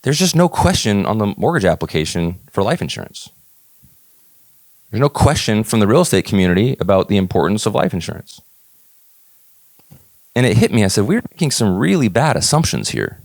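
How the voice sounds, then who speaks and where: Deep-voiced man telling a story on stage. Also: expressive, a little fast, pauses often, dry recording. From Northern California. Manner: storytelling, acting out dialogue with rising emphasis. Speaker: keynote speaker. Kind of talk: motivational talk to an audience.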